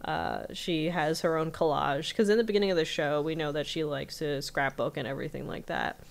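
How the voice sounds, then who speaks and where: Woman co-host, lowish voice, lively casual recap, laughs easily. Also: a little fast, vocal fry. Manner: animated retelling with frequent laughter. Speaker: podcast co-host. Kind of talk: casual episode recap chat.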